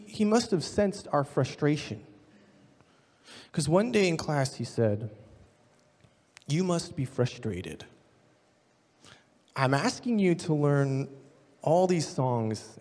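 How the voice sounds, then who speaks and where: A man telling a story in a sermon, animated and acting out a shouting class. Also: on the high side, big-room sound.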